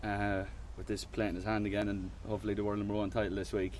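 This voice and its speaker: A man's voice: lowish voice, level tone, fast talker, a little mellow. A man speaking about a golfer he supports, proud and choked up. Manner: choked up and proud, laughing through it. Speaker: supporter speaking after the win. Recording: faint outdoor noise.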